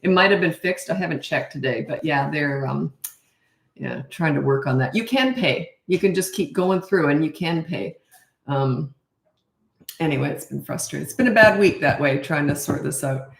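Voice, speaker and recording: Woman parenting coach chatting away on a live, rambly and laughy, kinda gravelly voice. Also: deep voice, animated, normal speed. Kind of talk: live-stream chat. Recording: echoey room.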